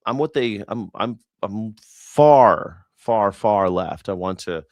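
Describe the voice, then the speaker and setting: A lowish-voiced man from the States riffs through a casual news reaction talk, sarcastic and profane, often restarting his sentences. His voice sits fairly low and sounds close and dry, with no room around it. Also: lively intonation, slow, darkish tone, no room sound. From United States. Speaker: independent news and culture commentator.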